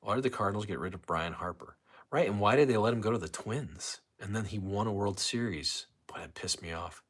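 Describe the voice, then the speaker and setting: Casting note: deep-voiced male livestream host, loose and rambling, chats with viewers at home. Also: a little fast, slightly rough. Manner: rambling, reads chat comments aloud, many restarts. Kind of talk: casual solo livestream chat.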